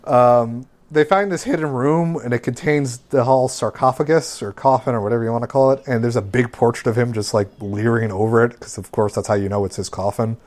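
Regular guy podcasting, summing up an episode, lotta uhs and ums, mid pitch. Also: a little fast, hardly any pauses, darkish tone. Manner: rambling, filler-heavy summarizing. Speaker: podcast co-host recapping an anime. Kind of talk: casual recap chat.

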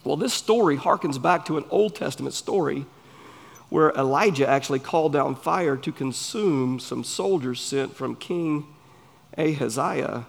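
A man with a Southern US accent, preaching a sermon in an earnest, emphatic way with pauses between phrases. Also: mid-range voice, vocal fry. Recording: long hall reverb.

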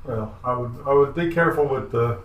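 A man's voice: mid-range voice, fairly quick, lightly acted. A man voicing a laid-back male regular of a gambling house, close to his own voice. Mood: smooth. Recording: echoey room.

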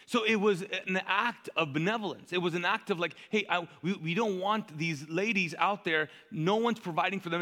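A male pastor preaching in a chatty, animated way, asking the congregation to fill in words. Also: sits high, long reverb tail. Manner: conversational, animated, asks the crowd to fill in words. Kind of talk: sermon.

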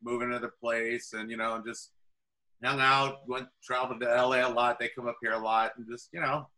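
Laid-back man with a bright voice. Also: medium pitch, level tone, brisk, rough recording. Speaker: guest. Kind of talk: casual conversation.

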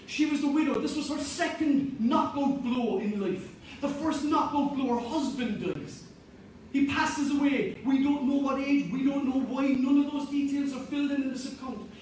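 A man's voice: very high-pitched, moderate pace, darkish tone, a little hiss or hum. A man preaching a sermon in an earnest, repeating way that builds to emphatic points. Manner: earnest, repetitive, rising to emphatic. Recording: echoey hall, mic at a distance.

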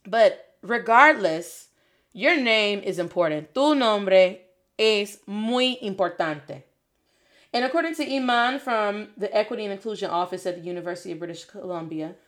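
Playful young woman teaching a casual lesson, animated, fake-scolding, middle pitch. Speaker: Spanish teacher and podcast host.

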